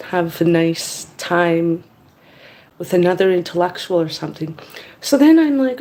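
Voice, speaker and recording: A woman in her fifties telling a story in a casual monologue, blunt and candid, acting out both sides of the conversation in lively quoted voices. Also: fairly low pitch, a little slow. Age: 50s. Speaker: vlogger.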